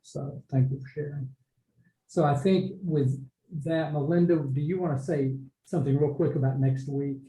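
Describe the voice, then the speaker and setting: A man moderating a church discussion, thanking speakers and speaking in a measured, thoughtful way. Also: a little high, fairly even intonation, mellow, reverberant, low-quality recording.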